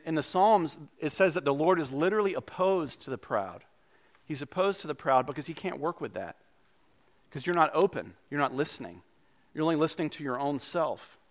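A male pastor preaching a sermon in a conversational, animated way. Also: a little high.

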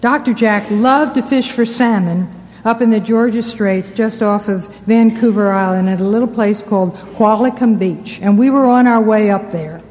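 Woman, Christian speaker, anecdotal sermon, warm tone, long hall reverb. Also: mid-range voice, moderate pace. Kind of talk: storytelling sermon talk.

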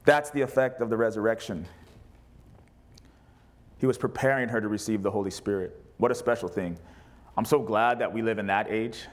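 A man's voice: fairly low pitch, normal speed, long pauses. A man preaching a sermon to a congregation, reading scripture aloud and mixing in jokes. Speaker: pastor. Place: church service with congregation.

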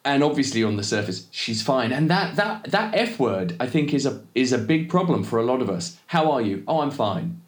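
A male podcast co-host with a mid-range voice and big pitch swings chats casually, a little fast and with hardly any pauses. He rambles, cuts himself off often, and laughs a lot, and the sound is reverberant.

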